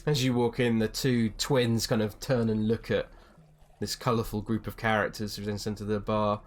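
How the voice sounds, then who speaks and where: A young man running a tabletop game as dungeon master, narrating scenes with frequent pauses and restarts. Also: fairly low pitch, level tone. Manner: hesitant, many ums and restarts, slips into character voices.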